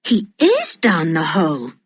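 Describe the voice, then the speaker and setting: A woman voicing a sensible boy who takes charge of the other children, explaining things in a raised, excited voice. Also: fairly low pitch, a little slow, breathy edge, no room sound, voice pushed down, exaggerated voice. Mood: astonished.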